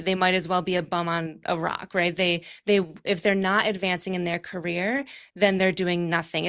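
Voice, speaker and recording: A woman's voice: lowish voice, a bit bright. A woman in her thirties, a guest on an interview podcast, speaking reflectively and thinking aloud in long, winding sentences. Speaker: podcast guest, clarity coach. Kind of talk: conversational interview.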